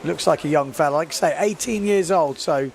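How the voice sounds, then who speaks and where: A man commentating live on a sports event, chatty and quick to laugh. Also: on the high side, creaky. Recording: faint outdoor noise.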